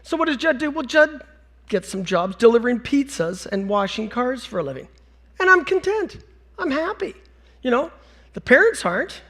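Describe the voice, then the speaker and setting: A middle-aged man from Canada telling funny stories from his life in a talk on stage, acting out the people he quotes. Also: moderate pace. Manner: animated, acts out quotes with big jumps in pitch. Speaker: conference speaker.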